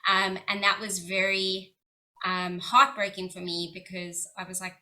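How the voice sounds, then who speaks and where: A woman's voice: mid-range voice, flat delivery, a little slow, bright, forceful tone, rough recording. A South African woman on a discussion panel, telling her personal story in an earnest, heartfelt way. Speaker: panelist, social worker and charity leader. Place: couch panel conversation.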